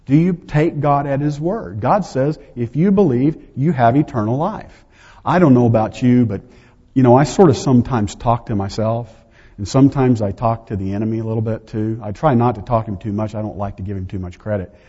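A man's voice: mid-range voice, a little fast, warm tone, slightly rough. A man preaching a sermon to a seated audience, teaching a Bible lesson in a conversational way, with chatty asides to himself and the room. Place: large hall before a seated audience. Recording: dull audio with long hall reverb.

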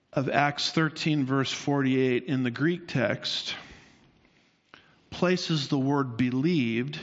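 A man's voice: medium pitch, a bit bright. A man teaching the Bible in a sermon, explaining at length and asking his listeners rhetorical questions. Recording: dull sound with long hall reverb.

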